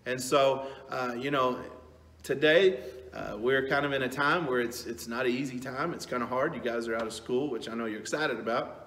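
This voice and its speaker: A man's voice: medium pitch, moderate pace, fairly bright tone, reverberant. A middle-aged man giving a casual, rambling youth sermon, telling stories with lots of fillers. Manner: rambling, folksy storytelling with many fillers. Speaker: youth pastor. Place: church sanctuary.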